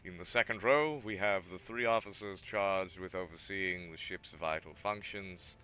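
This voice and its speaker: Deep guy reading game lines out loud, bright edgy tone, trips on words. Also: moderate pace, clear, resonant tone. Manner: stumbles over words, adds asides. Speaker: streamer reading game dialogue. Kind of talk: reading game text aloud with character voices.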